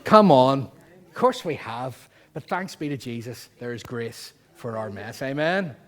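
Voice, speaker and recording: A man with a Northern Irish accent preaching a sermon as pastor, lively and jokey, full of rhetorical questions. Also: medium pitch, a little slow. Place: church.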